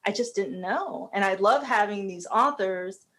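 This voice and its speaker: A woman's voice: mid-range voice, measured pace, a bit bright. Podcast guest, woman, casual and heartfelt, laughs easily, talks in loose run-on phrases. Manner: chatty, laughs often, emotional. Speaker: podcast guest, company COO.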